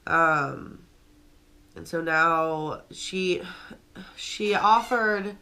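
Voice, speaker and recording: Woman, young adult, upset, venting, casual storytelling, bright tone, fairly low pitch. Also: extremely slow. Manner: upset, venting, with many fillers and restarts. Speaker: vlogger.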